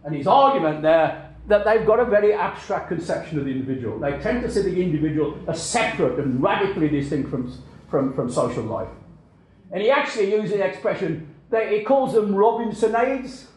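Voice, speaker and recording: A man's voice: sits high, expressive, a little fast, a little mellow, slight background noise. A man giving an informal lecture, talking conversationally, repeating words and checking in with his listeners. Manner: conversational, repeats words and asks "you know?" and "okay?" often. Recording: very echoey lecture room.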